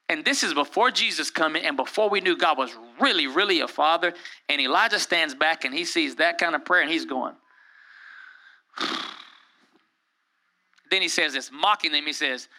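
A man preaching a sermon as pastor, lively and conversational, jumping into raised voices to act out the people he quotes. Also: high-pitched, brisk.

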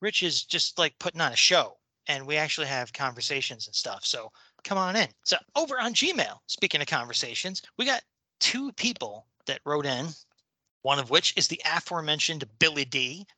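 A male podcast co-host reading out listener mail in a casual, joking way. His voice is slightly high and very bright. The sound is close and dry, with no room echo. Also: animated, moderate pace. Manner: jokey and upbeat, laughing often.

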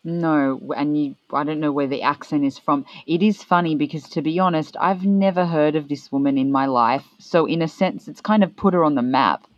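A woman's voice: low-pitched, moderate pace, few pauses, dry recording, dull audio. A woman from the United States chatting casually and asking plenty of questions. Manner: chatty, quizzical, asks questions. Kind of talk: casual podcast chat.

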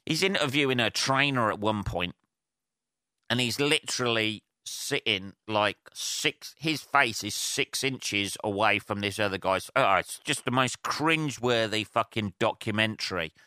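Man, podcast host, casual profane rant, rambling, lowish voice, crisp and smooth. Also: a little slow, sharp tone, no echo, studio quality. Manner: rambling, profane, full of fillers and restarts. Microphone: handheld portable recorder.

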